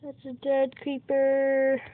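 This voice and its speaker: Speaking slowly in a high-sitting voice, a gamer talks casually over her gameplay and exclaims and yelps excitably whenever something surprises her. The audio sounds tinny and dry, like a phone.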